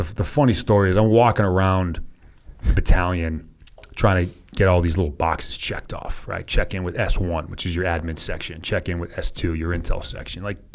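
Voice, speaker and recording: Low-voiced Boston man telling war stories. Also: moderate pace. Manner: relaxed, anecdotal, self-deprecating. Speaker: podcast guest, former Green Beret. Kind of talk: casual storytelling interview.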